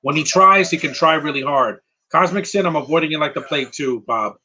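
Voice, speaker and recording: A man giving casual live movie commentary, rambling and answering viewers' questions with quick opinions. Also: a little high, sharp tone, poor audio.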